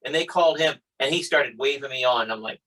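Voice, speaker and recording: A man's voice: medium pitch, brisk, poor audio. A man hosting a podcast, chatting casually and acting out quoted exchanges as he tells stories. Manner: animated storyteller, acts out quotes. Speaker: podcast host. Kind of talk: casual chat.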